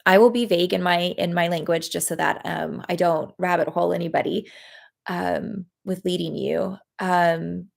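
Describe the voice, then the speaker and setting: A woman leading a live guided tapping session, talking in a gentle, encouraging way with many pauses and fillers. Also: on the low side, fairly even intonation, creaky. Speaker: EFT tapping practitioner.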